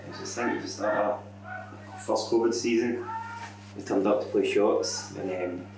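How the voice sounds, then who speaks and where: Low-voiced Scottish man in echoey room. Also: steady tone, normal speed, noisy background. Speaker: podcast guest. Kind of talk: casual anecdote telling. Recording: very echoey room, distant mic, crowd chatter.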